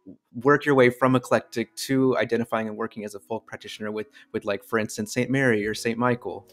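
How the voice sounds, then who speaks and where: A man hosting a podcast interview, asking questions in a curious, halting way with many fillers. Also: medium pitch, fairly even intonation, fairly bright tone. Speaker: podcast host.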